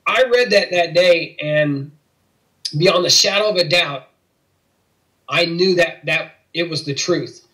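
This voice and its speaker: A man's voice: on the high side, slow pace, long pauses, pushed and bright, low-quality recording. A middle-aged man from Missouri, an interview guest, earnestly telling a personal faith testimony and acting out the voices of people in it. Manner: earnest storytelling, acts out quoted dialogue.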